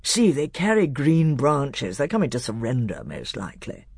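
A man voicing a sly, cautious Telmarine lord in an audiobook, speaking in a measured, gravelly way. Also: mid-range voice, huge pitch swings, no echo, clean studio sound, exaggerated voice. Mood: appraising. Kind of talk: audiobook character voice.

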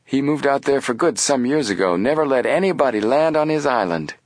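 A man's voice: medium pitch, animated, fairly quick, no room sound, voice pushed up, natural voice. A man voicing a tall, drawling male police lieutenant in an audiobook.

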